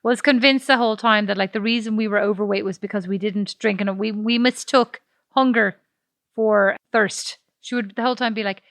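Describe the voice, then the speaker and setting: A woman, co-hosting a podcast and chatting casually, quick to laugh and chime in. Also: medium pitch, steady tone, fairly bright tone, no echo, clean studio sound. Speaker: podcast co-host. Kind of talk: casual chat.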